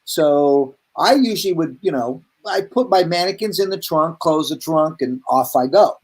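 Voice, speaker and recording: Animated man telling a story on a video call. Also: fairly high pitch, moderate pace, breathy edge. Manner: animated storyteller, acts out voices in his anecdotes. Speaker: host, hair educator.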